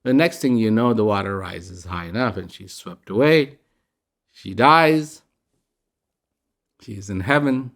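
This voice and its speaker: A man giving a casual, reflective spiritual talk, telling a parable in a gentle storytelling manner. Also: lowish voice, measured pace, pauses often. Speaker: speaker giving a reflective message.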